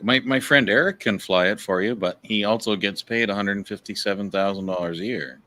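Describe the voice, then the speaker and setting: Low bright-toned frank man. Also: fairly quick, a little hiss or hum. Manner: frank and profane, rueful. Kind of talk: casual chat on a livestream.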